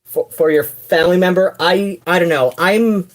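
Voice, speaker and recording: A woman with a fairly low voice talks casually on a livestream, wandering through her thoughts. She fills gaps with ums and restarts, dropping wry asides as she goes. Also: moderate pace. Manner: rambling, many fillers and restarts, wry asides. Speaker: streamer.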